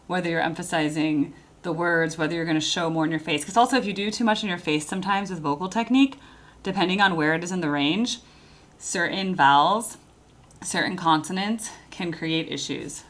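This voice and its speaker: A woman's voice: lowish voice, fairly quick. A woman hosting a music reaction video, casually explaining vocal technique as she watches. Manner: explains vocal technique and mixes in brief sung demonstrations.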